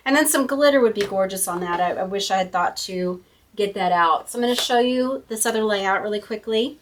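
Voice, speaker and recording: A woman's voice: medium pitch, fairly quick, recorded from a distance. Chatty woman demonstrating card-making. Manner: chatty, thinks aloud while working. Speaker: card-making tutorial host. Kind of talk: casual crafting demonstration. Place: home craft room.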